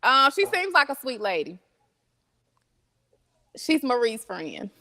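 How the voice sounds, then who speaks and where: A woman as an interview guest, chatting casually, laughing often and answering slowly with fillers. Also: fairly high pitch, sing-song, pushed and bright. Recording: long reverb.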